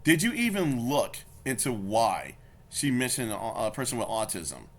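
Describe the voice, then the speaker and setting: A man's voice: medium pitch, very animated, normal speed. Heated man ranting on a reaction video. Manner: heated, confrontational, swearing, repeats himself. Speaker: YouTube commentator. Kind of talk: angry reaction commentary.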